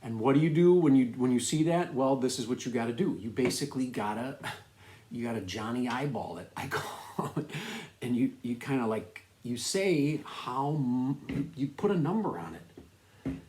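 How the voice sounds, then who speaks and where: A man's voice: mid-range voice, animated, normal speed, a little mellow, slight background noise. A man teaching a science lesson in a casual, upbeat way, laughing often and checking that students follow along. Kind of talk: casual classroom video lesson. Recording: echoey room.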